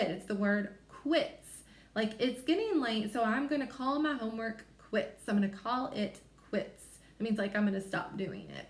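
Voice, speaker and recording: A woman teacher takes a young class through a phonics lesson, stretching out each sound so the children can follow. Her voice sits a little high, and she talks at a very slow, careful pace. The room around her is echoey. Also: a little hiss or hum. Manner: slow, sounding out letters and word parts.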